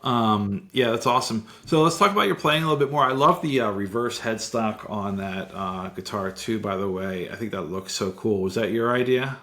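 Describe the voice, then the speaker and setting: Easygoing male interviewer, lower voice. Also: normal speed, few pauses, pushed and bright. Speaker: podcast host. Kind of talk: casual interview.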